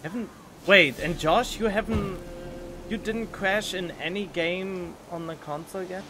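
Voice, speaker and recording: A man's voice: high voice, measured pace, noisy background. A man streaming a video game, rambling casually and chatting to his viewers. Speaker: let's play streamer. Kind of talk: casual gameplay commentary. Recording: game music playing behind.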